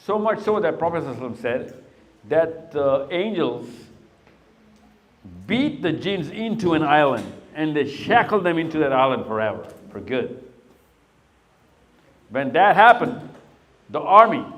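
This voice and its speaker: A man's voice: a little high, big pitch swings, normal speed, muffled recording. A middle-aged man speaking to young people in a live talk, quizzing them patiently and then telling a long story. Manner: questioning, coaxing and storytelling.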